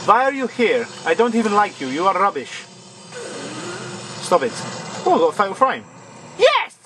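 A man's voice: sits high, big pitch swings, normal speed, background noise. A young man doing gameplay commentary, grumbling in exasperation and scolding the enemies on screen. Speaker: let's play gamer.

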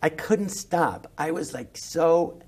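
A middle-aged man, a comedian, telling an animated anecdote in a podcast interview and acting out the voices. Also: a little high, slow, slightly rough. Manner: animated, acts out every voice, jumps to shouting when excited. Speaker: guest comedian.

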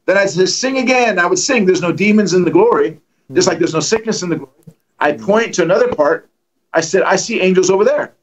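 A man telling lively stories as a guest evangelist on a livestream, acting out the quotes and joking. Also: high voice, fast, rough recording. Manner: animated, acts out quotes, joking. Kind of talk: storytelling in a livestream conversation.

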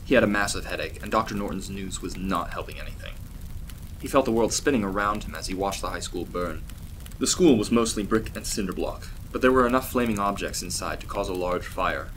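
A man reading a fictional story aloud as a steady, even narrator. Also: sits low, fairly quick, a little hiss or hum.

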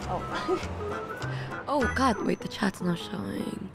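A young woman streaming a casual game reaction, excitable and quick to shout and laugh, her voice sounding a bit strained. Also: medium pitch, creaky. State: voice often strained. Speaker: VTuber streamer. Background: game music.

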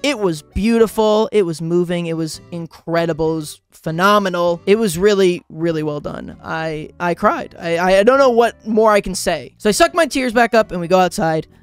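A young man, a YouTuber, excitedly telling a rambling story in a casual vlog, full of "like" and "bro". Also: sits high, moderate pace, hardly any pauses, clean tone, soft background music. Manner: animated, rambling, frequent "like" and "bro".

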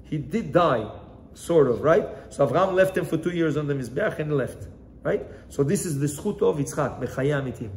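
A man teaching as a rabbi in a relaxed, chatty way, telling stories and asking his listeners questions. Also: on the high side, quick pace. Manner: chatty, asks the listeners questions, mixes in Hebrew phrases. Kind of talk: informal Torah lesson with storytelling.

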